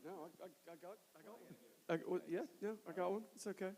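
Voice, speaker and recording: Guy emceeing a tech conference, high voice, keeps cracking up, echoey hall. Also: fairly even intonation, quick pace, darkish tone. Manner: giggly, keeps breaking into laughter. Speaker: conference host. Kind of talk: live stage introduction. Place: large hall with long reverb. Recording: live conference hall reverb.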